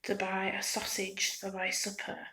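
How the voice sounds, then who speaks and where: A woman voicing an erratic, pushy male street toy maker in a soft whispered role-play. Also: mid-range voice, monotone, measured pace. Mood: wheedling. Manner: wheedling, turns scornful.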